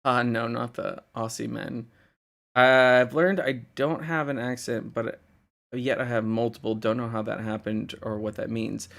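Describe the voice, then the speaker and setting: A man's voice: medium pitch, fairly even intonation, a little slow, vocal fry, fairly bright tone. A young man from the United States, chatting casually on a live stream, answering chat comments and rambling with lots of fillers and laughs.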